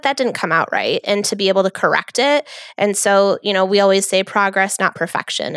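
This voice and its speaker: A woman co-hosting a relationship podcast, calm and affirming, talking through her thoughts step by step. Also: medium pitch, no room sound, studio quality. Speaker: podcast co-host. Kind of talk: casual relationship advice talk.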